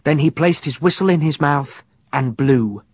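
A man narrating an adventure audiobook in an expressive, vivid storytelling manner. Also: fairly high pitch, normal speed, breathy edge, no room sound, studio quality.

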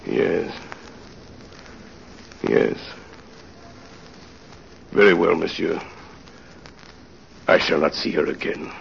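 An actor playing a tormented aging ex-convict father in an old-time radio drama, speaking in a somber, halting way. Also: sits low, fairly even intonation, vocal fry, highs cut off, slight background noise, full character voice. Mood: grave.

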